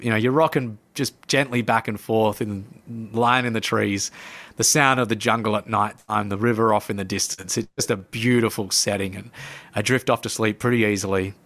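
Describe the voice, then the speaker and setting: A man, a podcast guest, telling a personal story in animated conversation and acting out his own past lines. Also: lowish voice, normal speed. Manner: lively narrator who acts out his own past lines. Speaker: podcast guest, coach and speaker.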